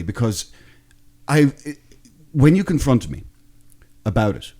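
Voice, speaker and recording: A man's voice: lowish voice, big pitch swings, a little slow, mellow. A man in his thirties from Ireland with a Waterford accent, co-hosting a podcast in casual, rambling, self-deprecating chat. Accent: Irish, Waterford. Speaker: podcast co-host.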